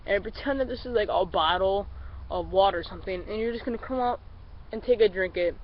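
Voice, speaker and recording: A man who is a little sick, explaining duck calls in a relaxed, rambling tutorial and calling the viewers guys. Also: high voice, brisk. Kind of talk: casual tutorial. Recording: slightly dull lo-fi recording with faint vehicle noise.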